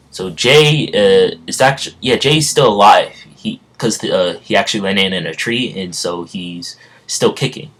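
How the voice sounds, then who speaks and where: A man retelling a fan story in a halting, rambling way, full of restarts. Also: low-pitched, fairly bright tone.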